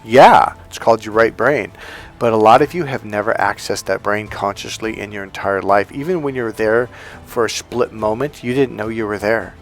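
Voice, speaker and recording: A man coaching on dating, telling a story in an animated, emphatic casual monologue. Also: fairly low pitch, normal speed, faint music behind.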